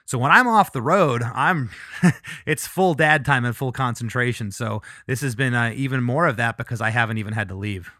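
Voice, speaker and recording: A middle-aged man chats as an interview guest, spinning road stories in a loose, rambling way and laughing often as he goes. His voice is bright and forceful. It is recorded close and dry, with no room sound. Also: mid-range voice, normal speed, dry recording. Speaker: touring musician guest. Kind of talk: casual interview storytelling.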